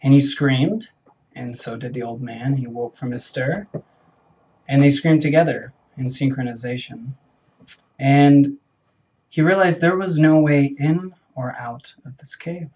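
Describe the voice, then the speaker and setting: A man's voice: mid-range voice, fairly even intonation, a little slow, a little mellow, lo-fi sound. A young man telling a made-up story in a playful, rambling way while getting a haircut, stopping to correct himself now and then. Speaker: vlogger. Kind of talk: casual storytelling during a haircut.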